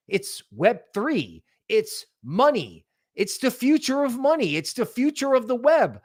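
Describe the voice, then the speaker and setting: A man hosting a crypto livestream, talking in an animated, emphatic way, firing off rhetorical questions and tagging lines with "right?". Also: very high-pitched. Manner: rapid-fire rhetorical questions. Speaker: crypto channel host. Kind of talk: livestream commentary.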